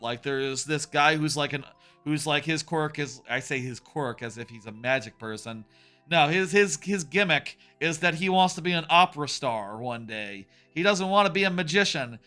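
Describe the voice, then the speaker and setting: A man's voice: on the high side, bright, forceful tone, clean tone. A young adult man streaming a game, chatting casually in a rambling, wry way, swearing now and then. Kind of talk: casual chat while playing. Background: faint game music.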